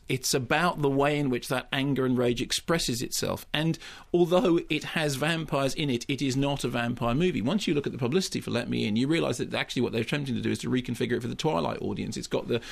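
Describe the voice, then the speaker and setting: A man's voice: mid-range voice, gravelly. A man giving an impassioned, emphatic radio film review, often restarting his sentences. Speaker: film critic.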